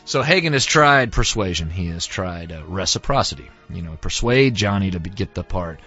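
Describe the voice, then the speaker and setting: A man's voice: low voice, animated, normal speed, pushed and bright, breathy edge. A man, a student, casually retelling a film with lots of fillers, in a dull, lo-fi recording with faint music. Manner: rambling, many fillers.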